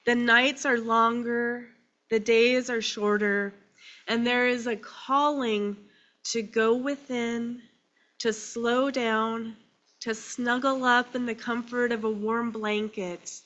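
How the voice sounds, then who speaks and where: Woman, minister, tearful, slow sermon, bright higher voice, dull lo-fi sound. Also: steady tone. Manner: slow, emotional and tearful, with pauses between phrases. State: crying.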